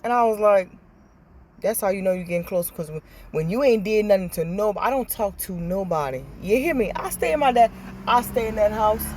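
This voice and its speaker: A woman's voice: medium pitch, a little fast, a little hiss or hum. Chatty Southern American woman vlogging. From Southern United States. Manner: chatty, animated storytelling with acted-out quotes. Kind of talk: casual chat.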